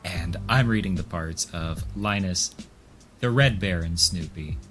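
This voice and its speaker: Brief: young man guest, very deep voice, sheepish, faint music. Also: a little slow, a bit bright. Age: young adult. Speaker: podcast guest. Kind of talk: casual chat.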